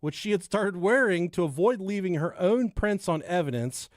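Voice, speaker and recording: Laid-back swearing man, higher voice. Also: expressive, normal speed, dry recording, clean studio sound. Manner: laid-back, swearing, laughing at his own joke. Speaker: podcast co-host. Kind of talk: casual podcast chat and true-crime storytelling.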